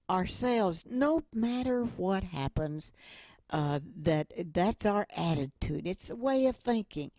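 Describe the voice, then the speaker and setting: A middle-aged woman giving a motivational talk with stories, speaking slowly and deliberately. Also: medium pitch, a little mellow, no echo. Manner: slow and deliberate, with acted quotes. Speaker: inspirational speaker.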